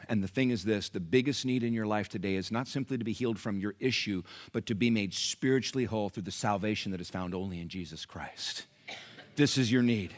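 A man preaching a sermon, dropping to a hush and then rising loud and fervent, acting out the people in his stories. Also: medium pitch. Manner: swings from hushed to loud and fervent; acts out quoted people in raised voices. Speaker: pastor.

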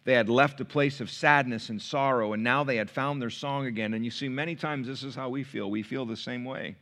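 A man preaching a sermon, pushing his emphasis higher through repeated phrases as he builds a point. His voice sits at a middle pitch for a man. He reads scripture and explains it to his congregation. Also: steady tone, brisk, fairly bright tone. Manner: preaching with rising emphasis and repetition. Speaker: pastor.

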